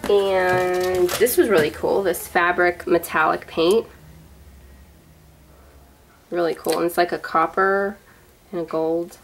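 Woman, 30s, lower-pitched, chatty unboxing vlogger, rambling and gushing; light background hiss. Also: fairly even intonation, takes it slowly, creaky, pauses often. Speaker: vlogger showing a gift box. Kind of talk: casual show-and-tell unboxing.

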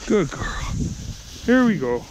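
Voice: sing-song, slow, noisy background. Sing-song dog owner calling pets outdoors. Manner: coaxing, sing-song calls to dogs, high baby-talk. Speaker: pet owner filming a dog walk. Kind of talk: casual vlog talk to pets. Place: outdoors, field and trail. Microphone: action camera worn while out with the dogs.

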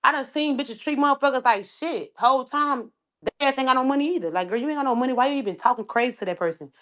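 A woman's voice: high voice, quick pace, a bit bright. A woman rapper delivering an angry, profane, confrontational livestream rant, repeating herself as she goes.

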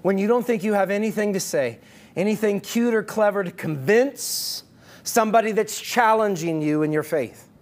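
Pastor guy preaching online, high voice, super animated and emphatic. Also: moderate pace. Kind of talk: online sermon.

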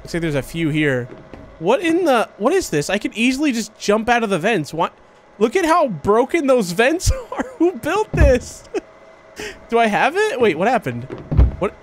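A man hosting a horror game let's play, giving confused running commentary and bursting into excited yelps and laughter. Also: very high-pitched, normal speed, slight background noise. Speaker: gaming video host.

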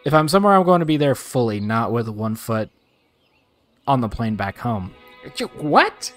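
Brief: male let's-player, lively and expressive, chatty with viewers, soft game music under him. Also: medium pitch, normal speed. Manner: excitable, talks straight to viewers, rants playfully. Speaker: gaming video creator. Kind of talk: let's play commentary.

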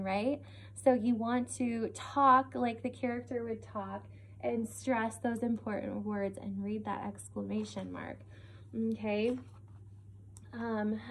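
A young adult woman teacher gives a reading lesson to young children, expressive and encouraging, checking in with little questions. Her voice is medium-pitched, with a little hiss or hum in the recording.

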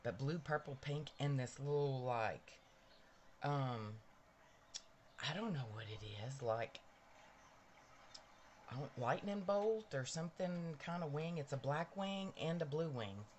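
A woman's voice: low voice, expressive, unhurried, long pauses, darkish tone, a little hiss or hum. A woman hosting a casual live stream from her bedroom, chatty and bubbly, greeting viewers by name. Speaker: livestream host. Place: bedroom at home.

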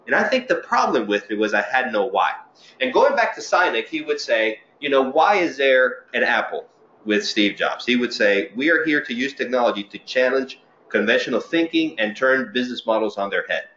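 A man's voice: medium pitch, moderate pace, slight background noise. Middle-aged man, physician, casual storytelling talk, echoey lecture room, slightly muffled sound. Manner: conversational storytelling with lively quoted voices. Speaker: physician speaker at a training seminar. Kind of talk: informal talk to fellows.

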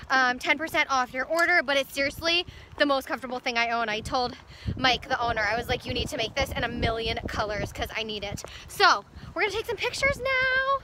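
A bubbly young woman with a high voice talks straight to her viewers in a casual vlog. She gushes and gasps over what she shows, her words tumbling out excitedly. A faint hiss sits under the recording. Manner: gushing, excitable, gasping. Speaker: fitness vlogger.

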